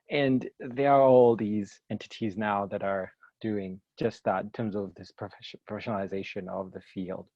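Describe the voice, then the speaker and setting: A man with a low, gravelly voice leads a casual academic discussion as a journal club presenter. He thinks aloud, pausing on fillers and restarting sentences. The recording sounds dull and dry, like lo-fi online call audio. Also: darkish tone, no room sound. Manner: thoughtful, many fillers and restarts, light laughs.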